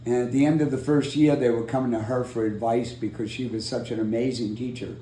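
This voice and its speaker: A man telling a long personal story in an oral history interview, acting out the quotes with lively energy. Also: medium pitch, fairly quick, echoey room, a little hiss or hum, rough recording. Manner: animated storyteller, acts out quotes. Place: room in San Diego.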